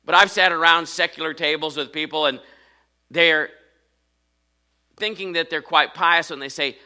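A man's voice: a little high, fairly even intonation, moderate pace, pauses often, pushed and bright. A man preaching a sermon, earnest and repeating phrases for emphasis. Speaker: pastor.

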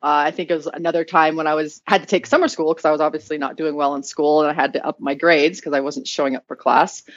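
A woman telling an animated story in casual chat, swearing a lot and laughing often. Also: deep voice, fast, dry recording. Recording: dull, dry sound.

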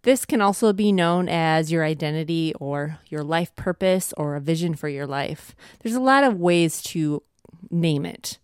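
A woman co-hosting a faith and family podcast, speaking earnestly and warmly. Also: low voice, expressive, unhurried, clear, resonant tone, dry recording, clean studio sound. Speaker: podcast co-host. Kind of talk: casual conversational podcast.

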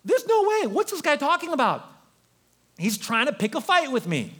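A man's voice: very high voice, huge pitch swings, moderate pace, a bit bright, voice pushed up, full character voice. A man acting out a hot-tempered ancient king who rants in angry disbelief. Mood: livid. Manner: ranting, incredulous, exasperated. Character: furious ancient king, male, middle-aged, hot-tempered.

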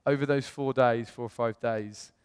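A man, a pastor, telling a personal story in a sermon in a chatty, animated way. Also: mid-range voice, normal speed, clean tone, in a large hall. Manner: chatty storytelling, animated voices when quoting others.

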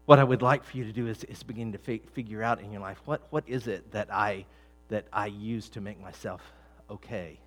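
A middle-aged man preaching a sermon, talking conversationally with many restarts and repeated words, building to emphatic, louder peaks. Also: fairly low pitch, a little fast. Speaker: pastor.

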